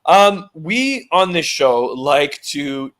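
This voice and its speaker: A man hosts a casual live-stream talk show. He banters in a cheerful, self-deprecating way and jokes with his audience. His voice sits a touch higher than most men's. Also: sing-song, extremely slow, a bit bright. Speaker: host.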